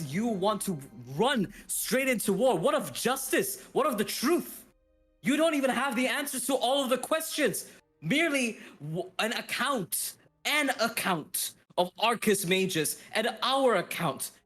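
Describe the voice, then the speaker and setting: A man's voice: high voice, expressive, unhurried, a bit bright, soft background music. A man voicing a rash young male hero who argues in heated, accusing outbursts. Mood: indignant.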